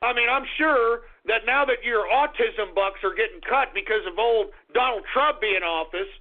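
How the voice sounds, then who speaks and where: A male radio host delivering an abrasive, insulting, shouting rant on his talk show. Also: high-pitched, moderate pace. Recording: tinny phone-line sound.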